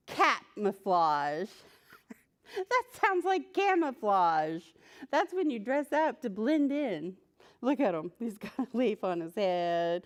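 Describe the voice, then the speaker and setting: A children's librarian reads a picture book aloud to preschoolers in a voice on the high side. She is playful and animated, talks to the characters, and laughs often.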